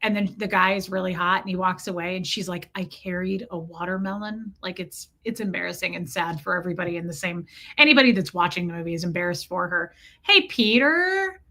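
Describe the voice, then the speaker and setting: A woman hosting a casual livestream, chatty and joking, who greets her viewers by name; her voice is slightly hoarse. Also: fairly low pitch, lively intonation, fast, sharp tone. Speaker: livestream host.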